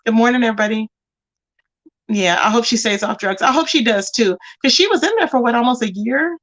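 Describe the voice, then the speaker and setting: Her voice fairly high and her pace brisk, a chatty woman talks casually to the people watching her livestream. She reads comments out and keeps addressing viewers as "y'all" and "baby," lively and conversational throughout.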